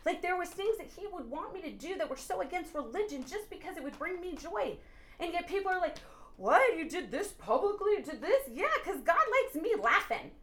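A woman on a podcast sharing an animated faith testimony, earnest and preachy, often bursting into laughter and exclamations. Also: extremely high pitch. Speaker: podcast guest. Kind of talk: excited faith testimony chat.

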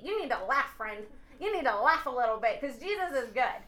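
A woman on a podcast sharing an animated faith testimony, earnest and preachy, often bursting into laughter and exclamations. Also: high-pitched, fairly quick. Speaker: podcast guest. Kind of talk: excited faith testimony chat.

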